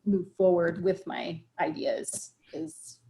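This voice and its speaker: A woman's voice: on the low side, very animated, slow, creaky, warm tone. A woman restaurant owner telling a story in a video call interview, reflective, with frequent fillers and restarts. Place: home office at a computer.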